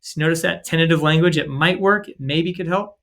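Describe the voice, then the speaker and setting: Brisk and full of energy, this faith-based podcast co-host talks in a casual, upbeat way. His bright, forceful voice sits a bit high, and he's constantly dropping "like" and "right?" and playing out short dialogues as he goes.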